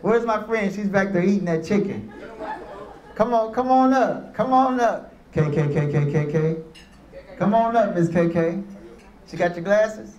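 High-voiced man addressing an audience. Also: a little slow, darkish tone, highs cut off. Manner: storytelling with call-and-response. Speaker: motivational speaker. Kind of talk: motivational speech to youth and parents. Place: room with a live audience. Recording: echoey room.

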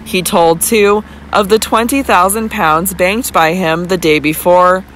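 A man narrating a classic novel as an audiobook with a steady, measured reading. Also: sits high, a little hiss or hum, rough recording.

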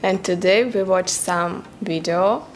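A woman hosting a reaction video, chatting casually in slow, simple short remarks. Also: lowish voice, a little hiss or hum.

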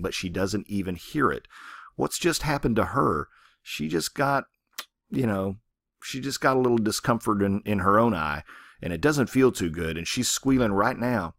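Brief: male literature teacher, conversational, lively pitch, dry close sound. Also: no room sound. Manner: conversational, checks in with "right?". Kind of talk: lecture on a short story.

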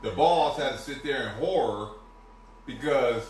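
A podcast host with a medium-pitched voice tells a long, rambling workplace story on a casual talk show, restarting many times at a measured pace. The room is echoey, he sits far from the mic, and there's background noise.

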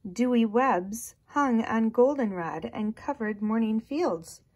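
A woman reading a children's picture book aloud in a slow, gentle, expressive way, sometimes dropping to a hush. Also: medium pitch. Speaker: storyteller.

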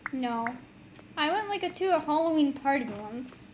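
A woman with a high, bright voice chats casually over an online game. She teases, giggles and gets excitable, with clear background noise and clicking under the recording. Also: normal speed. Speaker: gamer streamer. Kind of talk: casual gaming chat.

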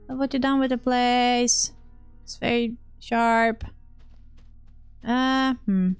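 A woman's voice: fairly high pitch, little pitch movement, takes it slowly, long pauses, clean tone, no room sound, soft background music. A woman giving chatty let's play commentary, often scolding herself and talking back to game characters. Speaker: gaming streamer.

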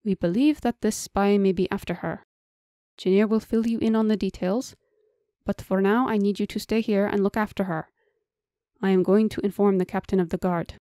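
A woman's voice: medium pitch, steady tone, normal speed, dark tone, no echo, studio quality, lightly acted. Stern elf voiced by a woman. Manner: clipped, serious, commanding. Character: stern, formal male elf warrior. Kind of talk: audiobook character voice.

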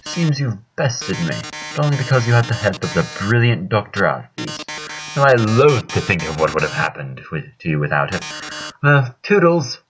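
A man's voice: on the low side, big pitch swings, moderate pace, over music, pitched above the performer's own voice. A man voicing a flamboyant male robot TV host with a fake British accent and a pompous, theatrical delivery. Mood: smug.

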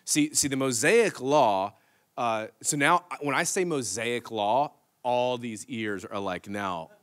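A man in his thirties preaching to his church, telling a story with lots of energy. His voice is bright and forceful, and he often laughs. He swings from loud outbursts to near-whispered asides. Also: medium pitch, slow. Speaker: pastor. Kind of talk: storytelling sermon. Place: church stage.

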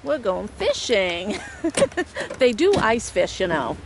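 A woman's voice: medium pitch, big pitch swings, slow. An older woman chatting and giggling as she films her family outdoors on a snowy hill with a handheld camera. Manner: chatty, giggly, frequent laughter. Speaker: vlogger filming her family. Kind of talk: casual home video narration. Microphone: handheld video camera. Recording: noisy outdoor camcorder audio.

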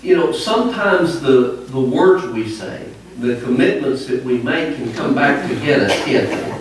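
Preacher echoing through a large church. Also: male voice, a little high. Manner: conversational, storytelling. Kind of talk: sermon. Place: church sanctuary. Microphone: wireless mic cutting out. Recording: echoey sanctuary, distant mic, faint noise.

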